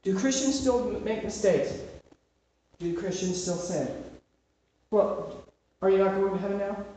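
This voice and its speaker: A woman giving an informal Bible teaching. She speaks emphatically, asks rhetorical questions and slows down on key points. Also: mid-range voice, dark tone. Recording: very echoey room, distant mic.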